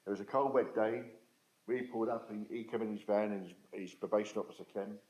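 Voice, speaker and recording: Blunt older man, low dark voice. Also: fairly even intonation, fast, rough recording. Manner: blunt, plain-spoken, emphatic, dialect grammar. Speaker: speaker at a talk on restorative justice. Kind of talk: storytelling talk to an audience.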